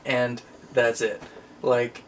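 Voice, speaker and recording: Casual co-host, animated storyteller, mid voice, light background hiss. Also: male voice, medium pitch, extremely slow. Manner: animated storyteller, acts out movie scenes in put-on voices. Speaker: co-host of a movie collection channel. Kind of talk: casual chat.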